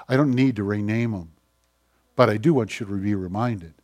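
A man preaching a sermon in a conversational way, putting questions to the congregation and swinging from loud exclamations to hushed, quiet lines. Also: fairly low pitch, normal speed. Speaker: pastor.

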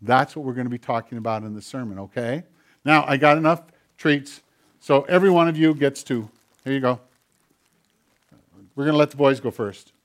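A man pastor reading scripture and then giving a playful, friendly children's sermon. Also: mid-range voice.

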